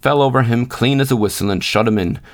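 A man's voice: mid-range voice, fast, close to an everyday voice. A man doing a fussy old mine manager. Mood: fretful. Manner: snappish, fretful muttering.

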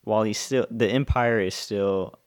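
A man's voice: on the low side, steady tone, normal speed. A man in a casual chat, explaining his views thoughtfully with many fillers.

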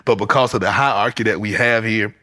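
Podcast host, African American man, bright and forceful, lively storyteller. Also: brisk. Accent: African American English. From United States. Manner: animated storyteller, pitch jumps high when acting out stories. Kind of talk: casual interview chat.

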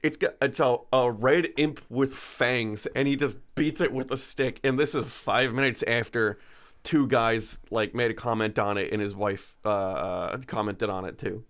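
A man's voice: medium pitch, steady tone, unhurried, fairly bright tone. Man, casual podcast storyteller, rambling delivery with fillers and restarts. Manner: rambling, stumbles over names, many fillers. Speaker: podcast co-host telling a history story.

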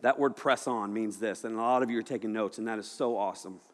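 A man preaching a lively, jokey youth sermon to a room of students. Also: lowish voice, fast. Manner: animated, jokey, shouting at times. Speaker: youth pastor. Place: church hall with audience. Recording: echoey hall.

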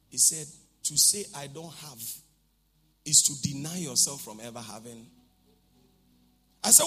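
A man preaching a sermon, shifting from low asides to shouts as he acts out what people said. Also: normal speed, long pauses, faint music behind.

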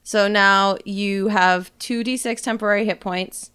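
A woman's voice: mid-range voice, fairly even intonation, a little slow, a bit bright, clear, resonant tone. A woman playing a tabletop game, chatty and giggly, often apologizing. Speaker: player. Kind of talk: casual tabletop game chat.

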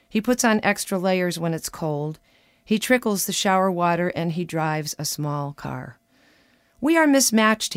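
A woman's voice: sits low, clear, resonant tone, dry recording, studio quality. A woman commentator reading her own wry personal essay in a conversational way, slipping into quoted dialogue.

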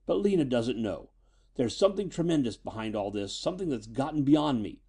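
A man's voice: mid-range voice, animated, a little fast, warm tone, husky. A man voicing a frantic, agitated older male scientist, pleading and exclaiming. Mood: anxious.

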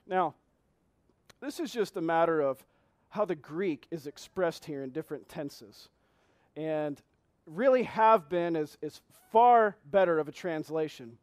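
Male pastor, sermon, high voice, dry close sound, earnest, asks questions, repeats key phrases. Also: no echo. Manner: reads scripture slowly, repeating key phrases.

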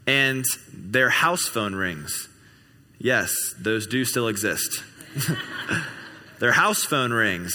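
A young man speaking at a church service, telling a personal story in an animated way and acting out the dialogue. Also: medium pitch. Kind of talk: sermon storytelling. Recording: hall with long reverb.

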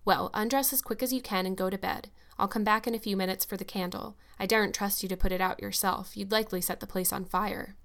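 A woman's voice: medium pitch, fairly even intonation, fast, creaky, few pauses. Woman reading a stern, curt older farm woman. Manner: curt and sharp.

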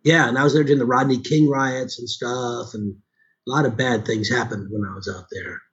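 A middle-aged man with a hoarse, sore-throated voice talks in a relaxed, rambling way. His pitch sits in an ordinary middle range. The sound is a little dull and muffled, like a lo-fi recording. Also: fairly quick. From Chicago, USA. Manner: rambling, with frequent restarts. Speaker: voice actor and audiobook narrator. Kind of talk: casual conversation.

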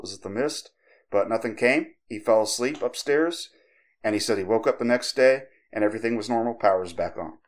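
A man hosting a podcast, casually telling a creepypasta story with profanity and lively quoted voices. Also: fairly low pitch. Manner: conversational, profane, animated when quoting others. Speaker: podcast host.

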